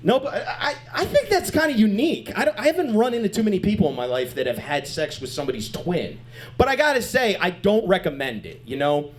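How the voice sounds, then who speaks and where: A man doing stand-up comedy on a club stage, animated and crude, chatting with the crowd. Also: high-pitched, quick pace.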